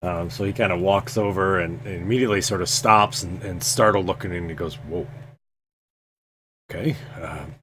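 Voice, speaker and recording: Man, game master, casual tabletop narration, rambling, low deep voice. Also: fairly even intonation, brisk, few pauses, fairly bright tone, slight background noise. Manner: loose, filler-heavy narration.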